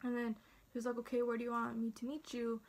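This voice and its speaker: A woman's voice: a little high, monotone, quick pace, darkish tone. A teenage girl vlogging in a chatty storytelling way, acting out what everyone said. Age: teens. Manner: chatty, dramatic, acts out quotes. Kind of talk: casual storytime.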